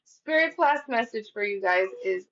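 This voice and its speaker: A woman's voice: medium pitch, expressive, normal speed, fairly bright tone, highs cut off. Casual, cursing woman reading tarot. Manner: casual and profane, chatty with frequent "like". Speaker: tarot reader.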